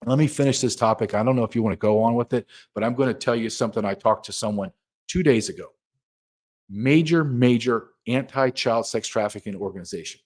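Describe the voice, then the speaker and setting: A middle-aged man talks as an interview guest, with an average, mid-range pitch. His delivery is urgent and emphatic. He presses each point hard and insistently. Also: fairly quick, darkish tone. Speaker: guest, former border agent. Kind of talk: impassioned interview talk.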